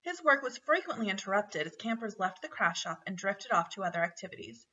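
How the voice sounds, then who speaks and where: A woman reading a children's book aloud with steady storytelling. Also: mid-range voice, a little fast. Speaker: narrator. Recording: dull, distant home recording.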